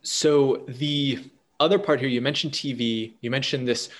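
A man's voice: medium pitch, fairly even intonation, a little slow. A man interviewing a podcast guest, framing long, articulate, winding questions.

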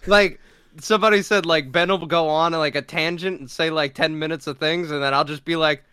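A man's voice: fairly high pitch, steady tone, a little fast, pushed and bright, clear, resonant tone, no room sound, clean studio sound. A man co-hosting a podcast, telling crude stories in casual chat, acting out quotes and laughing often. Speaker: podcast co-host. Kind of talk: casual chat, swearing storytelling.

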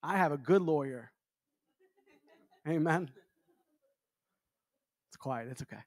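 American evangelist man, high voice, dry close sound, jokey storyteller who acts out the quotes. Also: slow, no echo. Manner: animated, jokey, acts out quotes with big pitch jumps. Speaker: evangelist preacher. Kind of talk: storytelling sermon. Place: church revival meeting.

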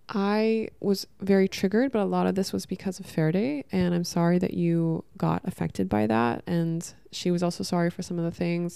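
A young woman with a low, gravelly voice tells a personal story at home, rambling and emotional, stumbling over restarts and acting out what everyone said. Her tone is mellow and smooth, and the sound is close and dry. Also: no room sound. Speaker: vlogger. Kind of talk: candid storytelling to camera.

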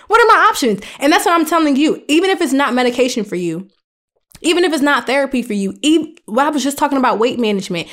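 A young adult woman hosting a faith podcast, talking in an earnest, conversational and emphatic way. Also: fairly high pitch. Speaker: podcast host.

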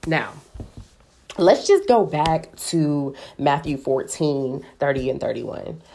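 A woman with a low voice teaching from the Bible in a relaxed, conversational way. She talks animatedly, sprinkling her speech with "like". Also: slow pace, gravelly, slight background noise. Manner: chatty, animated, heavy use of "like". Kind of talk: casual devotional teaching.

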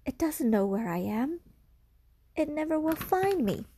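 A woman's voice: high voice, big pitch swings, unhurried, warm tone, a little hiss or hum, voice pushed up, full character voice. A woman voicing a scared young boy who stammers over his words. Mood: fearful. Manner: stammering, fearful. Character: frightened little boy, stammering.

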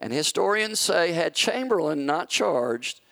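A pastor preaches with a dramatic storyteller's flair, acting out the people in his story. His voice is a touch high and gravelly, and the sound is dry and close. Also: sing-song, unhurried, a bit bright, no echo. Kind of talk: sermon storytelling.

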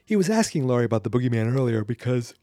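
A man's voice: mid-range voice, very animated, racing, mellow, no room sound, clean studio sound. A man hosting a podcast, casually recapping a film in a chatty, rambling way that often corrects itself mid-sentence. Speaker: podcast host. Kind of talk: casual movie recap commentary.

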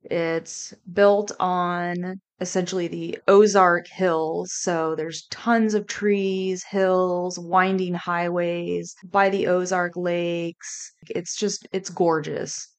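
A woman hosting a podcast, candidly and reflectively telling a personal story in a relaxed, conversational way. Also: on the low side. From Kansas City area. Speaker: podcast host.

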